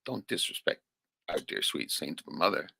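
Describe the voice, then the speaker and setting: A man's voice: low voice, expressive, moderate pace, gravelly, pushed and bright, husky, dry recording. A man telling a personal story in a rambling, profane, casual way, often checking in with "right?".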